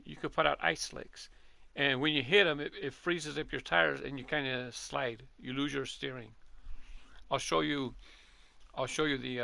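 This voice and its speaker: A man's voice: medium pitch, vocal fry, sharp tone, no echo. A middle-aged man from Southern California, chatting casually and rambling as he comments on his own gameplay. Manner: chatty, rambling, self-correcting. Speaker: gaming channel host.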